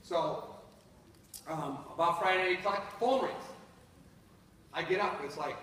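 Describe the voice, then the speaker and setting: A man in his fifties from North Dakota, telling a personal story live to an audience in an animated way, speaking to them directly. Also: sits high, moderate pace, long pauses, a little hiss or hum. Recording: echoey hall from far off.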